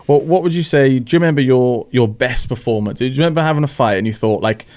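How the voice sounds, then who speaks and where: Fast-talking podcast host man. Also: mid-range voice, darkish tone. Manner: agreeable, keeps saying yeah, restarts questions. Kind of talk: casual interview chat.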